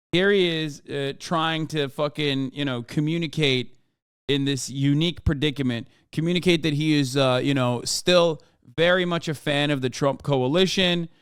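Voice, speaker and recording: A man's voice: fairly high pitch, a bit bright, clean tone, no room sound, clean studio sound. A man giving casual, profane, sardonic commentary as a streamer, rambling through reactions.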